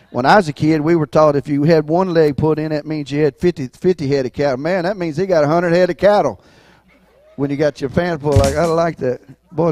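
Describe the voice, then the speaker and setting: A man's voice: a little high, darkish tone, no echo. A man, a pastor talking casually and rambling in folksy phrases during the church offering. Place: church sanctuary.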